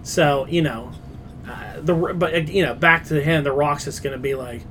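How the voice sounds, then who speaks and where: A man co-hosting a pop culture podcast, talking in an opinionated, animated way and swearing casually. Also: fairly high pitch, normal speed, slight background noise. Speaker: podcast co-host.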